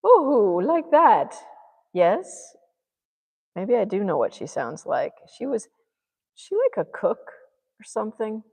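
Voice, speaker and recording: A woman's voice: mid-range voice, huge pitch swings, normal speed, vocal fry, mellow, breathy edge, long reverb tail. A woman vlogger thinking aloud to herself as she paints, musing in murmured asides. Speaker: art vlogger.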